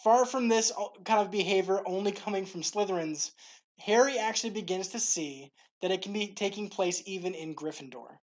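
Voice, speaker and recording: A woman hosting a faith series, reading scripted devotional narration in a clear, steady way. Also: medium pitch, a little fast. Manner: clear, steady, read-aloud delivery.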